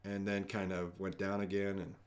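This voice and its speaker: A man's voice: low voice, completely flat delivery, moderate pace, slight background noise. A man hosting a live-streamed trivia game from home, joking around as he reads each question twice. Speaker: trivia host.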